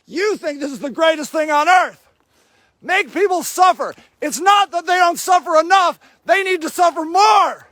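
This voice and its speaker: A man livestreaming from an outdoor camp in the snow, shouting angry and sarcastic reproaches at people in front of him while filming on his phone. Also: extremely high pitch, moderate pace, dry recording. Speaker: activist filming a camp sweep. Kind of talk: livestreamed street confrontation.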